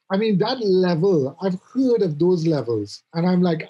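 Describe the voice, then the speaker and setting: A middle-aged man chatting casually about his office jobs, telling animated stories and often repeating words as he goes. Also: high voice, unhurried, husky, dull audio. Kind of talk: casual conversation.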